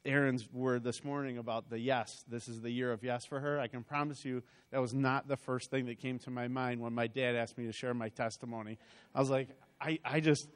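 A man's voice: mid-range voice, smooth. A middle-aged man telling his personal testimony to a church, chatty and rambling, with frequent restarts and asides. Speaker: church member giving a testimony. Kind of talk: personal testimony told as a story.

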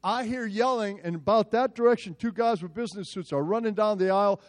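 A male pastor telling a story in a sermon, animated and self-mocking. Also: high voice, fairly quick, hardly any pauses.

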